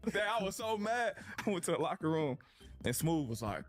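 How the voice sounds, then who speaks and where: A man's voice: a little high, moderate pace, soft background music. A man from Indiana telling profane stories in a casual chat, acting out other people's lines and laughing often. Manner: animated storyteller, acts out quotes, profane, laughs often. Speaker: podcast guest, former pro basketball player.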